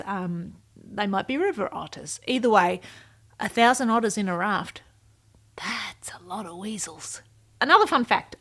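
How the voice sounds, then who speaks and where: A woman's voice: medium pitch, fairly bright tone. A woman who writes and vlogs, chatting casually and playfully about her writing and dropping little whispered asides. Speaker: writer and vlogger. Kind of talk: casual behind-the-scenes chat.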